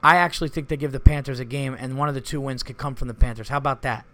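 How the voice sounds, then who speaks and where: A man's voice: mid-range voice, steady tone, racing, a bit bright. A man hosting a solo podcast, rambling casually, cursing often and getting exasperated. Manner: rambling, profane, easily exasperated. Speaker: comedian podcast host.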